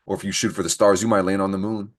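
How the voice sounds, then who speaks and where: On his casual weekly astrology show, a young man races along in a low, flat-pitched voice, joking, swearing without restraint, and laughing frequently. The audio comes from a computer mic on a screen-recorded call.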